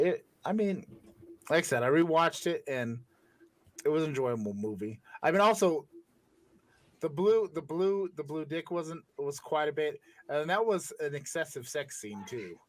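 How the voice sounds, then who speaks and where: A man hosting a casual comedy podcast who talks in animated, joking bursts. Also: fairly high pitch, moderate pace, no echo. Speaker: podcast host.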